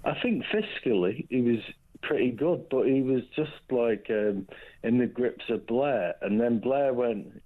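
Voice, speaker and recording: Radio caller, man, mid-pitch, jokey and rambling, heard down a tinny phone line. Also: measured pace. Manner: chatty, jokey, meandering. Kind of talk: casual phone-in chat.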